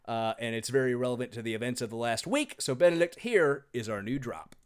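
A man hosting a podcast in casual chat, animated, laughing often and rambling. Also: medium pitch, brisk, clean tone. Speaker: podcast host.

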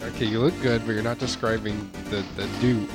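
A man's voice: on the low side, steady tone, brisk, over music. A man in casual comedic game role-play, making wry commentating asides.

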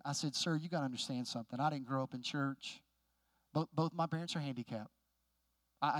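A man preaching a sermon, candid and conversational, who climbs loud and high for emphasis and drops low and quiet to tell a story. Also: no room sound. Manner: candid, conversational, asks the crowd questions.

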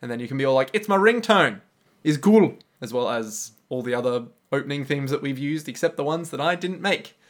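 A man co-hosting a podcast in casual chat, playful and slipping into quick character voices. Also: mid-range voice, fairly even intonation. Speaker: podcast co-host.

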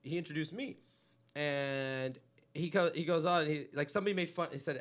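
A man's voice: fairly high pitch, fast. A man from Los Angeles hosting a comedy podcast, telling profane stories and acting out quotes. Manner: animated, profane storytelling with acted-out quotes. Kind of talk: casual comedy podcast chat.

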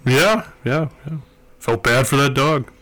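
A man's voice: mid-range voice, lively intonation, measured pace, a bit bright. A man co-hosting a podcast, talking through his thoughts earnestly in casual chat. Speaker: podcast co-host.

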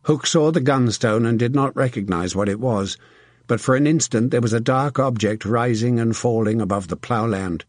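A man reading a historical novel aloud as narrator, in steady, measured storytelling. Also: mid-range voice, dry recording, clean studio sound. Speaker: audiobook narrator. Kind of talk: scripted narration.

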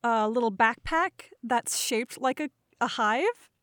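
A woman's voice: a little high, lively intonation, measured pace, a bit bright, no echo, clean studio sound. A woman with a Minnesotan accent, chatting as a guest player in a tabletop game, giggly and bubbly. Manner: giggly, bubbly, lots of fillers. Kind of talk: casual tabletop game chat.

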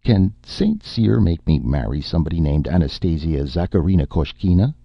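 A man's voice: low voice, big pitch swings, normal speed, vocal fry, slightly rough, no echo, heavily acted. A man voicing a gloomy, plaintive male writer in a spoken story. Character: gloomy, put-upon male screenwriter. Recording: dull lo-fi, dry.

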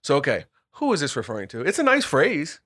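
A man's voice: a little high, wildly swooping pitch, fairly quick, fairly bright tone, slightly rough, dry recording, studio quality. A man leading a casual group Bible discussion, explaining word by word, often repeating and restarting phrases and breaking into laughter. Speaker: Bible study leader.

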